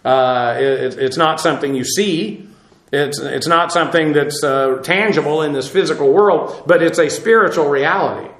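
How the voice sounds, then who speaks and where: A man teaching scripture in a measured, explanatory way, often pausing on small filler sounds. His voice sits a little high for a man. The room around him rings with echo. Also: fairly bright tone. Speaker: Bible teacher. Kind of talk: sermon.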